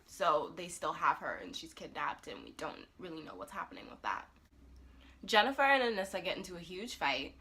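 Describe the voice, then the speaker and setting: A woman reviewing a TV episode in a casual, animated retelling that acts out the characters' lines. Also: on the low side, fairly quick. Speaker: TV review vlogger.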